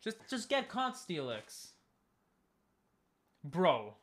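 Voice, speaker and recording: A man's voice: sits high, wildly swooping pitch, very slow, fairly bright tone. A young man giving casual, joking commentary while streaming a game and talking with chat. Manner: chatty, joking, talks to chat.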